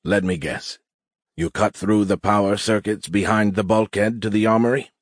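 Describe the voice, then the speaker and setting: A man voicing an older male alien surgeon who speaks in a quiet, measured, understated way in an audiobook. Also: fairly low pitch, fairly even intonation, no echo, studio quality, lightly acted. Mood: calm.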